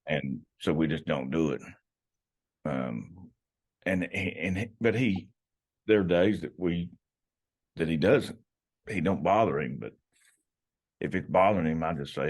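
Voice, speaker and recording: A man's voice: sits low, lively intonation, measured pace, pauses often, breathy edge. A middle-aged man, a podcast guest, telling hunting stories in a rambling, folksy way with many restarts. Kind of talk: casual storytelling. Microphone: podcast microphone.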